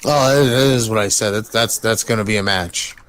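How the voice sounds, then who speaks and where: A man's voice: fairly low pitch, fairly quick, a bit bright, no echo. Matter-of-fact man in a dry room. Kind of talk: casual chat.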